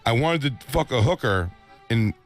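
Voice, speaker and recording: A man's voice: mid-range voice, expressive, normal speed, creaky, faint music behind. A man co-hosting a crude comedy radio show, rambling through a story with joking asides.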